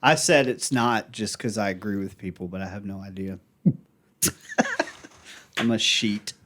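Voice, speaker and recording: A man's voice: on the low side, moderate pace, fairly bright tone. An American man co-hosting a casual podcast chat, who laughs a lot and reads items out from a list. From United States. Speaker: podcast co-host.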